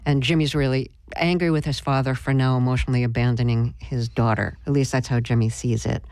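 A woman hosting a radio interview and asking measured, thoughtful questions. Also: rumbling low, fairly even intonation, darkish tone, dry recording.

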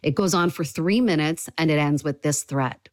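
Low-voiced woman news reporter. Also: moderate pace, a little mellow, no echo.

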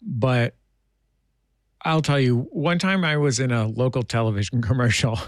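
A man's voice: medium pitch, moderate pace, dry recording, clean studio sound. Conversational male radio host. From San Francisco. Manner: conversational, self-deprecating, laughs easily. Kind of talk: interview conversation.

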